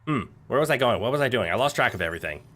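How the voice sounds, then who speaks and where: A man's voice: mid-range voice, racing. A man casually streaming a survival game, joking, swearing and chatting with viewers. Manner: animated and joking, swears, talks to chat and his pet.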